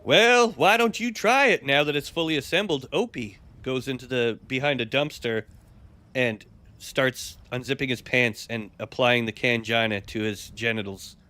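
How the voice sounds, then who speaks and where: A man with a sharp, mid-range voice and a moderate pace narrates an improvised role-play story with friends on a live stream. He's a guest on the stream, and his storytelling keeps breaking into laughter.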